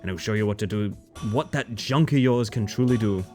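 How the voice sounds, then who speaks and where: A man voicing a gruff old sea-creature smith in an old sailor-style dialect in a game. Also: lowish voice, fairly quick, a little mellow, faint music behind, lightly acted.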